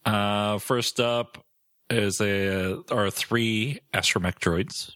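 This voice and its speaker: A man's voice: fairly low pitch, steady tone, very slow, a bit bright, no echo. A man hosting a casual podcast chat, laid-back and dry in his teasing. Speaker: podcast host.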